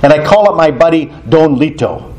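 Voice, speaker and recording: A man's voice: fairly high pitch, animated, normal speed, a little mellow. A male priest preaching in a church, telling stories animatedly, often laughing and acting out the dialogue. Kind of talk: storytelling sermon.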